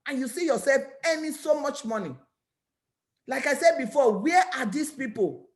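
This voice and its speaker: At a normal pace, a woman with a high voice and a Nigerian English accent preaches motivation as the owner of a network marketing business. Her delivery is energetic, though she trips over words and repeats them while pressing her argument.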